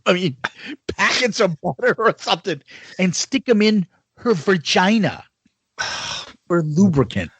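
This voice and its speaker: Husky, high-voiced laughing storyteller man. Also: very animated, a little slow, pauses often, a bit bright, no echo. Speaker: podcast co-host. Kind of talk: casual chat.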